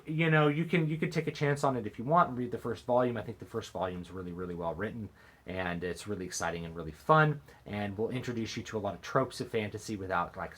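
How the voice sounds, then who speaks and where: A man with a lowish, slightly bright voice chats to camera as an author and book vlogger in a casual recommendation video. He hesitates a lot, restarting often and leaning on fillers.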